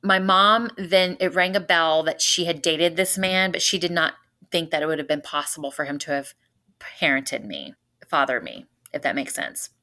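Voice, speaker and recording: A woman's voice: deep voice, expressive, moderate pace, sharp tone. A woman in her forties from North Louisiana, a podcast guest earnestly telling her personal story in casual conversation. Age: 40s. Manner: earnest, retells events by quoting everyone's words.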